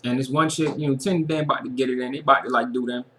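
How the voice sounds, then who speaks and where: A man's voice: mid-range voice, fairly even intonation, very fast, fairly bright tone, slight background noise. A man giving an earnest, casual personal monologue as a vlogger, and he repeats phrases for emphasis.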